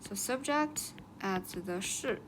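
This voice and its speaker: A woman teacher talks very slowly and patiently and says each new word twice. Her voice sits at a middle pitch. A faint hiss of noise stays behind her the whole time. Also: lively intonation. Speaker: Chinese language teacher. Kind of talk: slow teaching explanation, repeating words.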